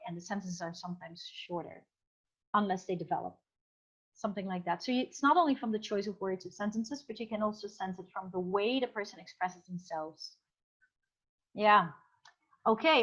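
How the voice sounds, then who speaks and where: A woman's voice: medium pitch, fairly bright tone, dull audio. A woman teacher giving an online class. She explains through many examples and thinks aloud with fillers. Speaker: English teacher.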